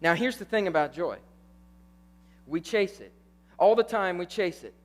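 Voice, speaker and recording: High-voiced man preaching to youth. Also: a little slow. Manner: animated, keeps asking "right?". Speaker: youth pastor. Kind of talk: youth sermon storytelling.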